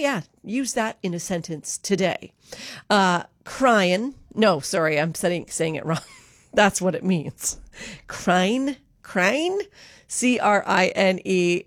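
Chatty woman morning host, unhurried, laughs a lot, dry booth sound. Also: medium pitch, no room sound. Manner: chatty, laughs often, corrects herself. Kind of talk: casual radio chat. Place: radio studio.

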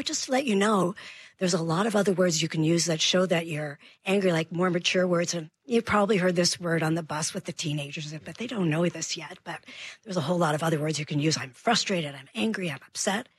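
Brief: female parenting expert guest, slightly husky, dry close mic, animated storyteller. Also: fairly low pitch, fast talker, no room sound. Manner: animated storyteller acting out dialogue. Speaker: guest child behavior expert. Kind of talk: radio interview storytelling.

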